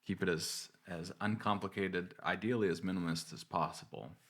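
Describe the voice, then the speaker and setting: Podcast host, man, slightly low voice, easygoing chat with occasional stumbles. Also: fairly even intonation, normal speed, a bit bright. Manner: conversational, some stumbles. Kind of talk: casual interview.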